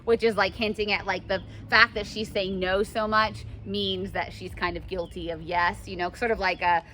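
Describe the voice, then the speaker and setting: A young woman teacher giving a chatty, animated lesson and acting out examples for her class. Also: medium pitch, moderate pace, hardly any pauses, a little hiss or hum. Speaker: English teacher.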